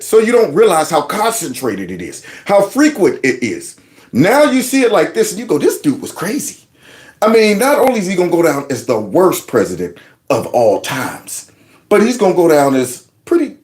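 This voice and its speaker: A middle-aged man hosting a reaction commentary show, mocking clips in a casual, animated way. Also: fairly high pitch.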